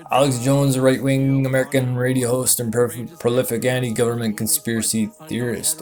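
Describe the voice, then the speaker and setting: A man hosting a comedy show, reading a web page aloud with sarcastic commentary and sudden high, excited outbursts. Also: brisk, hardly any pauses, soft background music. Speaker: host.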